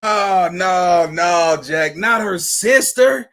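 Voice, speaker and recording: A man hosting a commentary show, reacting to a clip in an animated, exclamatory, slangy way. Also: high-pitched, very slow.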